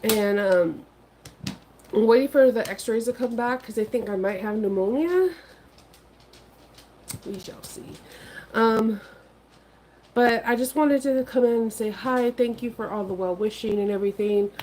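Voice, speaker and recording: A woman's voice: fairly high pitch, moderate pace, mellow, a little hiss or hum, low-quality recording. A woman hosting a casual craft livestream who feels unwell and talks in a chatty, rambling way with many ums. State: feeling unwell. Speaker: sewing and craft livestream host.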